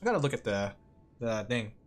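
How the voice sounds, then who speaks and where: Chatty, lively-voiced woman streamer. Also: extremely low pitch, fairly quick. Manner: chatty and rambling, with many fillers; excitable, breaks into laughs and shouts. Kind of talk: casual live-stream chat.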